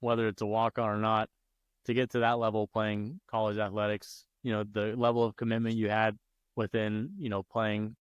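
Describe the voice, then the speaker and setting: A male podcast host asks measured interview questions in a low, even voice. His tone is smooth and clear, with little rise and fall, and the sound is dry. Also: dry recording, lo-fi sound.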